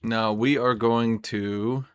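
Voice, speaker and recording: A man talks through his wargame turn, counting dice and cursing his own slips. His voice sits at a middle pitch. The sound is dry and close, with no room around it. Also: steady tone, takes it slowly, clear, resonant tone, no room sound. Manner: thinking aloud, swearing, self-mocking. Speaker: tabletop wargame player. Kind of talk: casual play commentary.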